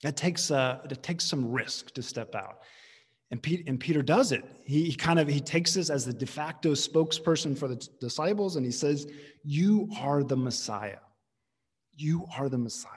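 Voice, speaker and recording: A man preaching a sermon with a slightly raised, husky voice. He teaches in a conversational, emphatic way, often restarting his phrases. His voice rings with the long reverb of a large hall. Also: on the high side, normal speed. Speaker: pastor.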